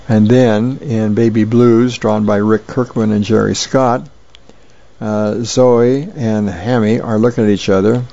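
A man reading newspaper advice letters and comics aloud in a plain, unhurried way, stumbling now and then. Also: fairly low pitch, gravelly, warm tone, muffled recording. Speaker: reader of newspaper features.

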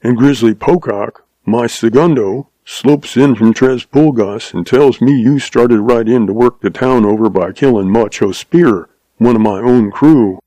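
A man voicing an irritable, grumbling old male rancher with a gruff, growling drawl. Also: medium pitch, measured pace, hardly any pauses, warm tone, no echo, natural voice, low-quality recording.

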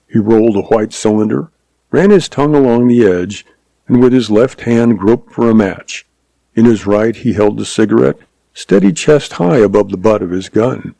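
A man narrates a western story in a measured, dramatic way. His voice sits low with a gravelly fry and a dark, mellow tone. The recording is dry and close, with no room sound. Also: dry recording.

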